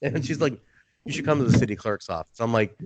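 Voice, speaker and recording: A man's voice: medium pitch, lively intonation, quick pace, noisy background. A young man hosting a casual podcast, swearing loosely and acting out both sides of his own stories. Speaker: podcast host.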